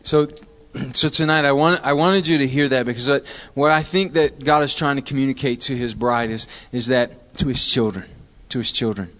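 A man preaching as the pastor, speaking in a measured sermon style. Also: medium pitch, fairly bright tone. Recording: hall reverb.

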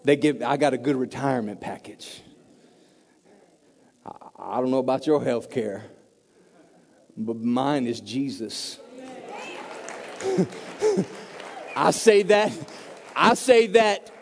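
A man preaching a sermon to a congregation, swinging from hushed asides to loud, emphatic build-ups. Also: mid-range voice, slow, long pauses, a little hiss or hum. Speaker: pastor. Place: church sanctuary. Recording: long reverb of a large hall.

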